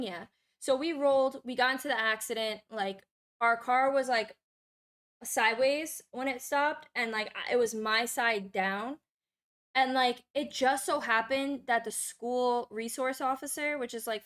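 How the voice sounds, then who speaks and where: A young adult woman streamer telling a long personal story in casual, profane, animated chat. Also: on the high side.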